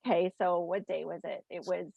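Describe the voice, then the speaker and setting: A woman spirit medium as a guest in a casual video chat, telling a story in an excited, tumbling rush. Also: fairly low pitch, a little fast, gravelly, slightly rough, no room sound. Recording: dull, dry lo-fi audio.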